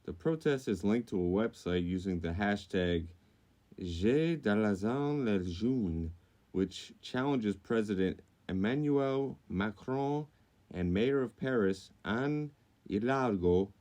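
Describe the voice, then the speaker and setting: Slow, animated man riffing on the news. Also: fairly low pitch. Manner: loose, profane, riffing on the news. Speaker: podcast co-host. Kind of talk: casual chat, reading news items.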